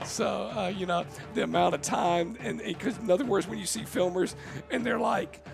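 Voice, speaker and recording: A man's voice: high-pitched, normal speed, gravelly, music in the background. A man doing live play-by-play commentary, jokey and rambling, laughing often. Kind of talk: live game commentary with banter.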